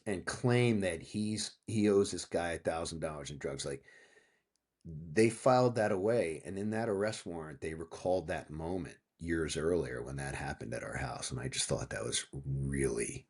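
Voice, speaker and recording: A slightly rough bass voice at normal speed: a Pennsylvania man in his fifties, a guest author, telling a story during a casual interview. He performs what people said with animation and swears freely.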